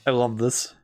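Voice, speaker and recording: While playing a game on a live stream, a man gives casual commentary, excitable and laughing often as he thinks out loud.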